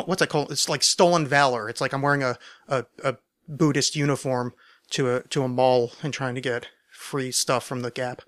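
A man's voice: mid-range voice, a bit bright. A man hosting a solo podcast, answering listener questions in a rambling, stammering, self-deprecating way, overcaffeinated. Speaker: podcast host.

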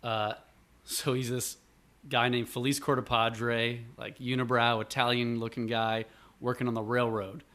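A man from Buffalo, New York, tells a long family story as a guest in easy, rambling chat. His voice sits at an everyday middle pitch, and he keeps the tale moving by acting out what people said. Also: measured pace. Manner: lively, rambling storyteller with acted-out quotes. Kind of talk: casual storytelling.

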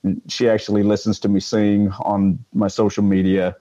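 A man's voice: on the low side, level tone, moderate pace, mellow, muffled recording. An older man, a retired police sergeant, telling stories in a casual interview, rambling with many fillers and restarts.

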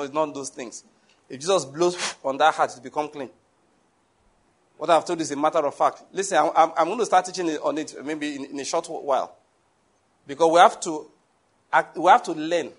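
A male preacher, delivering a lively sermon and asking his congregation questions. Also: on the high side. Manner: animated, rises to shouts, asks the congregation questions.

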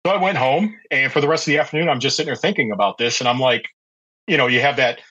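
Forceful, husky middle-aged man. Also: mid-range voice, quick pace, dull audio. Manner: chatty, anecdotal, with many fillers and restarts. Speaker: podcast guest, pet care business owner. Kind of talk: casual storytelling interview.

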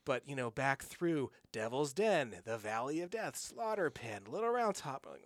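A man recounting a personal story in a loose, rambling way, full of "like" and "um" and restarts. His voice sits at an ordinary middle pitch. It is recorded dry and close, with no room sound. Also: normal speed, hardly any pauses, no echo. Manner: rambling, animated anecdote with many fillers and restarts. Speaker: guest. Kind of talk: casual storytelling. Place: studio.

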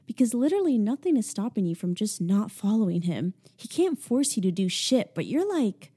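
A woman voicing a sharp-tongued, defiant young woman friend with a bright, mocking edge. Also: mid-range voice, very animated, normal speed, husky, pitched above the performer's own voice. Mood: incredulous.

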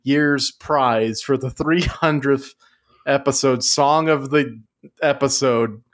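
A man co-hosting a casual comedy podcast, delivering mock-serious jokes in a deadpan way. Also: medium pitch, takes it slowly. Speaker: podcast co-host.

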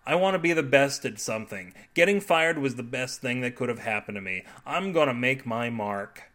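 A man voicing a giddy, manic middle-aged husband obsessed with mustard, often shouting in an audio fiction reading. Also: mid-range voice, lively intonation, normal speed, close to an everyday voice. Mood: earnest.

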